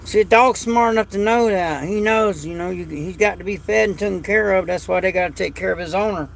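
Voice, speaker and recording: Male streamer, folksy and emotional, gravelly fry in a high voice. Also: fairly quick, a bit bright, a little hiss or hum. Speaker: livestream host. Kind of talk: casual livestream chat. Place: home at night.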